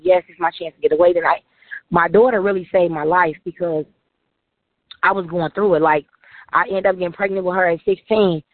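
A woman's voice: lowish voice, dry recording. A woman, telling her life story as an interview guest, emotional and full of "like"s. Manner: emotional, run-on storytelling with many "like"s. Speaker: author and guest. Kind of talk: personal testimony in an interview. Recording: tinny phone-like line.

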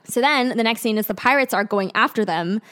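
A woman's voice: a little high, fairly quick, fairly bright tone. A young woman co-hosting a podcast, chatting casually as she recaps an episode scene by scene. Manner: chatty, acts out quoted lines with giggles. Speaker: podcast co-host.

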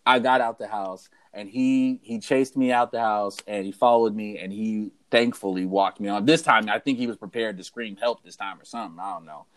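This young man, a podcast co-host, tells a story in casual chat at normal speed with hardly any pauses, his pitch fairly low. Animated throughout, he acts out the voices of the people in his story.

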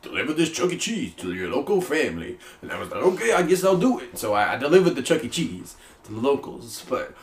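A man's voice: medium pitch, very animated, quick pace. A young man telling a story with playful exaggeration in casual chat as a podcast co-host. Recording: echoey room.

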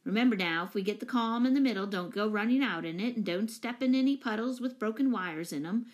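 A woman reading aloud, voicing a hearty older male professor who gives gruff, clipped instructions during a storm. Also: a little high, fast talker, darkish tone, lo-fi sound, natural voice. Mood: brisk.

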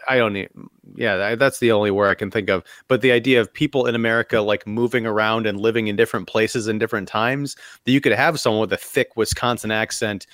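A man's voice: fairly low pitch, fairly even intonation, fast, a bit bright, dry recording, clean studio sound. A man co-hosting a film podcast, hesitant and searching for words, with sarcastic asides. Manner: hesitant, lots of fillers and restarts, sarcastic asides. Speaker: podcast co-host. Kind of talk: casual film discussion.

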